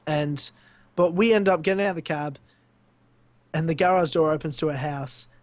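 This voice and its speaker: Young Australian man, high voice, animated storyteller, dry close sound; podcast co-host spinning anecdotes. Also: normal speed, no echo. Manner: animated storyteller, laughs often. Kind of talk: casual storytelling chat.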